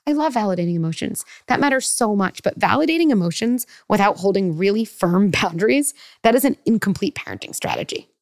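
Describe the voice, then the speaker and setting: Gravelly-voiced woman psychologist explaining. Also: mid-range voice, fairly quick, few pauses, dry recording, studio quality. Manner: animated explaining, acts out parent and child lines, frequent "like". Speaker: clinical psychologist guest. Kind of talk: podcast interview, parenting advice.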